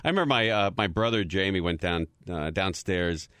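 A male radio co-host on a live call-in show, his pitch swinging widely as he talks. The sound is dry and close. He tells stories and acts out the people in them. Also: lively intonation, a little fast, a bit bright, smooth, no room sound.

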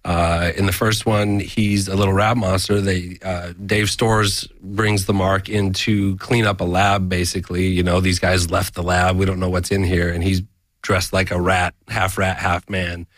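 A man being interviewed about his camera work, talking in a relaxed, self-deprecating way. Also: sits low, normal speed, dry recording. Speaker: guest, cinematographer. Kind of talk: casual interview chat.

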